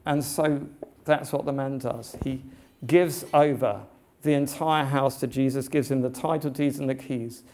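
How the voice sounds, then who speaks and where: A man preaching a sermon, telling a story in an earnest, halting way with many restarts. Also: mid-range voice, steady tone, a little mellow.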